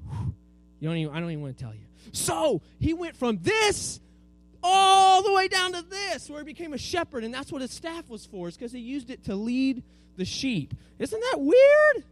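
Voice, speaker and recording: Man, children's Bible teacher, high voice, very lively pitch, animated storytelling. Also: normal speed. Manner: animated storytelling, calls on kids to repeat words. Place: room with a group of children.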